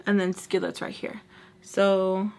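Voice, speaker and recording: A woman's voice: medium pitch, level tone, slow, vocal fry, darkish tone. A young woman telling a story to her camera in a chatty, casual way, acting out the dialogue and saying "like" a lot. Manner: chatty, full of "like" and acted-out quotes. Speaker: storyteller vlogger.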